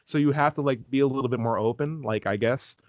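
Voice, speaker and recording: Young man from California, loose rambling chat full of "like", mid-pitched, dry close sound on a call. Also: fast talker, no echo, dull audio. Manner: rambling, lots of "like", acts out quoted voices. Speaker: street epistemologist guest. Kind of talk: casual interview chat. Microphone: video call.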